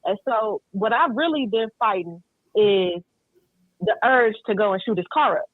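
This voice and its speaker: A woman's voice: medium pitch, normal speed, no echo. A woman calling in to a talk show, blunt, candid and profane. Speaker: caller. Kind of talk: casual call-in talk. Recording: tinny phone line.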